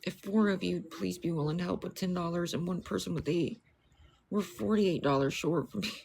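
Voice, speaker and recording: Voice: medium pitch, normal speed, creaky, darkish tone, slight background noise. A livestreamer in casual talk who apologizes often, keeps repeating the same plea for money, and turns bitter and angry toward a rival. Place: indoors with dogs.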